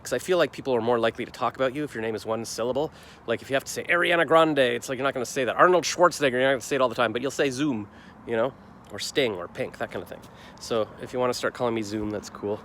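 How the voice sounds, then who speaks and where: A man's voice: medium pitch, fast talker, a bit bright. A man in his forties recapping his day in a rambling, reflective vlog, full of fillers and restarts. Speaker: vlogger. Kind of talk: casual daily vlog recap. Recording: faint street noise outdoors.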